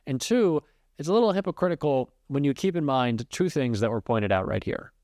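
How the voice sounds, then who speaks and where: A man's voice: medium pitch, expressive, a little mellow, no echo. Dry-voiced man commenting casually. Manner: fast, loose, with frequent restarts and fillers. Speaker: political commentator.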